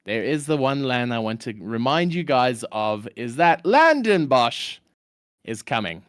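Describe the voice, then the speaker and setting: A man's voice: mid-range voice, very animated, a little slow, clear, resonant tone, dry recording, clean studio sound. A man hosting a live stream, talking with enthusiasm and poking fun at himself. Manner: enthusiastic, playfully self-mocking. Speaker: stream host.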